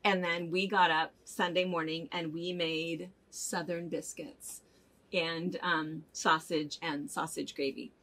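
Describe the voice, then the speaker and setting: An older woman co-hosts a casual chat show for a fabric shop, telling stories in a chatty way and laughing often. She speaks slowly in a low-pitched voice with little pitch movement and a fairly bright tone.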